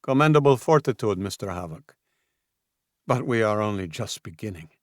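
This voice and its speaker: A man voicing a cold, theatrical male mobster, with a smooth, mock-polite, menacing manner. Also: lowish voice, expressive, moderate pace, no room sound, clean studio sound, close to an everyday voice. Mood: silkily menacing.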